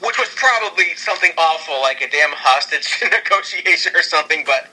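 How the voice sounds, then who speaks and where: Excitable rambling man, bright voice. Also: fairly high pitch, brisk, husky, rough recording. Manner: excitable and rambling, with frequent restarts. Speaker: podcast co-host. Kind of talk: casual podcast chat pitching storylines.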